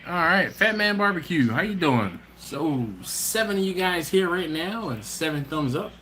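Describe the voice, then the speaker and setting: A man's voice: on the high side, lively intonation, normal speed, pushed and bright, slight background noise. A man hosting a casual live stream, reading out viewer comments in a laid-back, chatty way, often laughing and trailing off mid-sentence.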